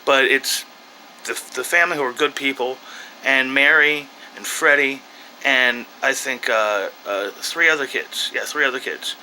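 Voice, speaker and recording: A man's voice: mid-range voice, unhurried, pushed and bright, a little hiss or hum, low-quality recording. A man giving a casual, off-the-cuff movie review in a rambling way, with frequent restarts and asides.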